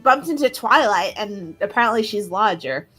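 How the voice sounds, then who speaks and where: A woman's voice: mid-range voice, animated, normal speed, a bit bright, slightly rough, faint music behind. A woman streamer reading a story aloud on a live stream, out of breath, laughing and tripping over her words.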